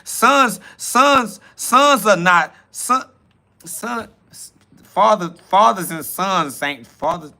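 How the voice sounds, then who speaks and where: A man's voice: high-pitched, lively intonation, moderate pace, pushed and bright, voice pushed up, full character voice. A man putting on the voice of a scornful male internet troll who taunts with repetitive jabs. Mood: mocking.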